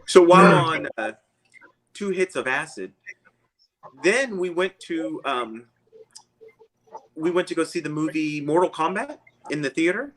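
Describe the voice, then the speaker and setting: A man's voice: fairly high pitch, animated, measured pace, long pauses, a bit bright, a little hiss or hum, poor audio. A man, a guest, telling a long personal story in a casual, rambling way and chuckling often.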